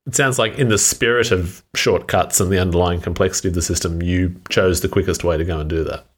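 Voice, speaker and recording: Low-voiced man, thoughtful. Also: steady tone, quick pace, husky. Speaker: podcast co-host. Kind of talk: casual chat.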